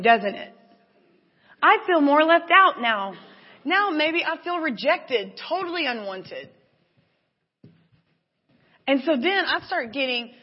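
A woman giving a sermon, telling a personal story with lively, acted-out inner thoughts. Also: sits high. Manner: animated storytelling, acts out her own inner voice. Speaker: church speaker. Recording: dull lo-fi recording with long hall reverb.

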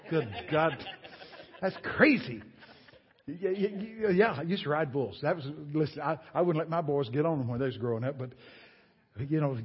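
Husky older preacher, folksy and emphatic. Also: male voice, fairly high pitch, long reverb tail, highs cut off. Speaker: guest preacher. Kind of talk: sermon. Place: church sanctuary.

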